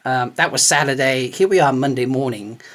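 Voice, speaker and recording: A man co-hosting a podcast, telling an excited anecdote, acting out what people said and laughing often. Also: medium pitch, brisk. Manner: animated, acts out quoted voices, laughs often. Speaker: podcast co-host.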